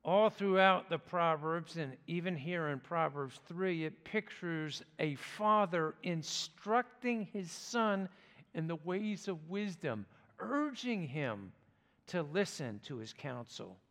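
A man preaching a sermon as pastor, speaking in a slow, measured way with deliberate pauses. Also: a little high, lively intonation, fairly bright tone. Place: church sanctuary. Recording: long reverb of a church hall.

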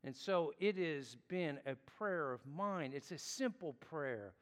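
A pastor delivers a sermon slowly and earnestly, lingering on the words he wants to emphasize. His voice is slightly high for a man, expressive and fairly bright. A long reverb tail follows him, as if he were in a large hall.

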